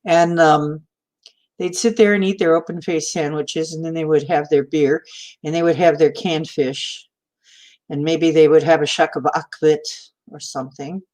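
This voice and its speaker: Low-voiced midwestern lady hosting a stream, radio announcer polish, chatty, laughs a lot. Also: steady tone, normal speed. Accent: flat Midwestern American, announcer style. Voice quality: radio-trained announcer delivery. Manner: chatty and warm toward viewers, laughs often. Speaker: host of a spiritual livestream. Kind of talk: casual livestream chat reading viewer comments.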